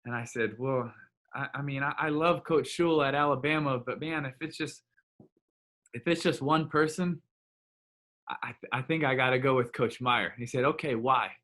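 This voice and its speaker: A man's voice: medium pitch, moderate pace, fairly bright tone. A young man from Florida, a former player, recalling a decision in an interview, earnest and heartfelt. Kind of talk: reflective interview storytelling.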